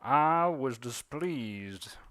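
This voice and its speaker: A stiff-necked Southern gentleman bird with a put-on drawl, as a man puts him on, lifting his voice a little higher and louder than plain talk. His words come out genteel and aggrieved, bright and dry-sounding. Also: lively intonation, drawn-out words, dry recording. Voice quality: formal, indignant, genteel diction. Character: pompous old-fashioned male Southern cardinal bird.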